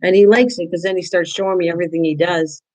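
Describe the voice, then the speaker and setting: A woman's voice: fairly low pitch, steady tone, quick pace, a little mellow, low-quality recording. An older woman hosting a craft livestream, chatting casually with viewers while she works and often restarting her sentences. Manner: chatty, answers viewers by name, frequent restarts.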